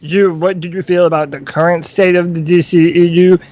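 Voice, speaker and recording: Man, high voice, podcast host, measured, thoughtful, dry close sound. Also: level tone, darkish tone, dry recording, muffled recording. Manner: measured, thoughtful, poses questions. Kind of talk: casual chat.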